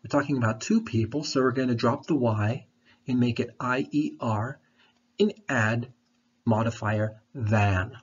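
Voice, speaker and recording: A male English teacher talks through a lesson in a patient, repeating way, sucking on a throat candy as he speaks. His voice is husky. The recording sounds dull and lo-fi. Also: mid-range voice. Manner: patient, repeats questions and explains slowly.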